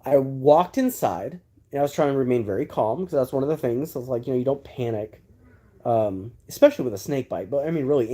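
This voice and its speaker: A man's voice: medium pitch, mellow. A man in his thirties from Texas, host of a livestream, telling a personal story casually with many asides and fillers. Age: 30s.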